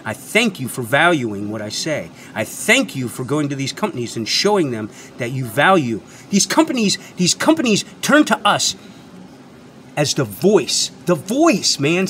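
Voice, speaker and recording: Guy ranting on his channel, high voice jumping all over, repeats himself a lot, swears, bit of ac hum. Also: very animated, a little slow, a bit bright. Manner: emphatic, repetitive, lecturing, swears freely. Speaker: channel host and product reviewer. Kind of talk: unscripted ranting monologue.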